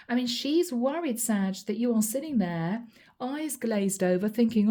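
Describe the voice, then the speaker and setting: A woman's voice: a little high, animated, a little slow, mellow. A woman giving a channeled tarot reading, speaking earnestly and straight to the listener, often repeating her questions. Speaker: tarot reader.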